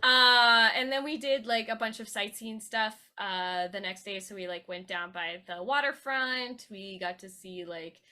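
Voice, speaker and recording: A woman's voice: medium pitch, measured pace, few pauses, sharp tone. A woman co-hosting a podcast, chatting casually with lots of fillers and laughter. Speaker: podcast co-host. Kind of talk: casual chat.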